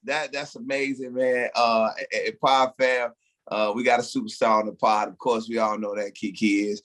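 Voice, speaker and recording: A man's voice: mid-range voice, little pitch movement, moderate pace, fairly bright tone. A man hosting a casual podcast chat, upbeat and hyping up his co-hosts as he moves the talk along. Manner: upbeat, hypes up the crew. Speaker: podcast host.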